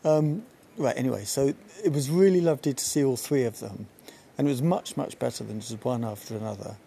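Gravelly, rambling man on a podcast. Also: mid-range voice, fairly quick, mellow, slight background noise. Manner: rambling, jumps between tangents. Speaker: podcast host. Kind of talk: casual solo commentary. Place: outdoor balcony.

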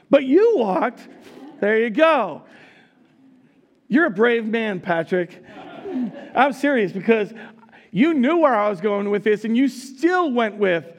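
High-voiced playful preaching man. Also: lively intonation, takes it slowly, pauses often. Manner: playful, teasing congregation members, laughing often. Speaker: pastor. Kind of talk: live sermon with audience interaction. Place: church sanctuary.

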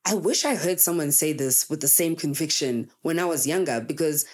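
A woman's voice: sits low, normal speed, husky. A woman in her twenties, a content creator, talking candidly and emphatically to her audience in casual chat. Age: 20s. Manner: candid and emphatic, acts out quoted people.

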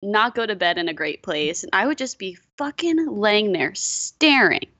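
A woman's voice: medium pitch, lively intonation, moderate pace, sharp tone, dry recording. A woman co-hosting a podcast in casual chat, telling personal stories with blunt swearing and self-mockery. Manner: candid, profane, self-mocking storytelling. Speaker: podcast co-host.

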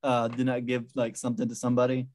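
A man's voice: medium pitch, monotone, fast talker, darkish tone. A young man joking and teasing an army buddy in casual chat.

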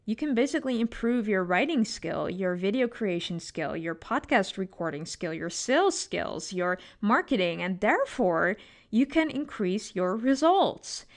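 Expressive woman podcast host coaching. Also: mid-range voice, unhurried. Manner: expressive, coaching tone with frequent "right?" tags. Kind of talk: solo podcast monologue.

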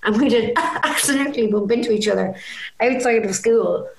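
A woman in casual chat, joking with quick asides. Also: a little high. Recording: roomy echo.

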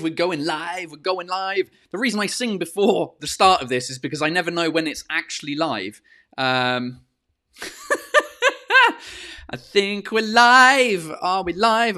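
A comedian hosting his own live podcast from home on a podcast mic. His voice is high-pitched and bright, and he talks loosely with swearing, filler sounds and the odd French phrase. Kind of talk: casual live-stream chat. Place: home in lockdown. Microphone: podcast microphone.

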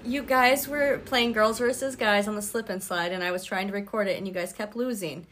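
Bright, teasing podcast co-host woman. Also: medium pitch, steady tone, a little fast, slight background noise. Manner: teasing, profane. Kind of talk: casual podcast chat.

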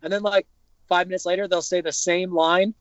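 A young man hosting a casual chat, telling stories in an animated way and swearing freely. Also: high-pitched, brisk, clear, resonant tone, no echo. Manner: profane, animated storytelling. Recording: dull, dry lo-fi recording.

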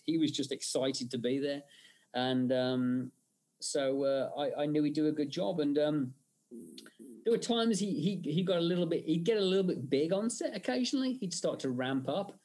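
A man's voice: medium pitch, moderate pace, a little mellow. A man, a film director guest in an interview, talking at length with many fillers and restarts. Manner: rambling storyteller, frequent fillers and restarts. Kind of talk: conversational interview.

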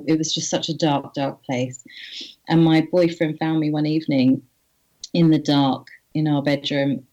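A woman guest on an interview, candidly telling a personal story in an earnest, halting way with frequent restarts. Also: low-pitched, darkish tone. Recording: slightly muffled audio.

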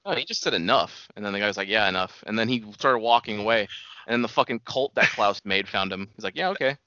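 A man's voice: fairly low pitch, quick pace, sharp tone, dry recording. A young man in casual chat, joking and profane as he adds to a show recap. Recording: dull dry lo-fi audio.

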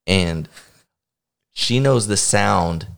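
Lively low-voiced man ranting. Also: extremely slow, gravelly. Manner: profane, exasperated storytelling. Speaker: podcast co-host. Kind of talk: casual chat.

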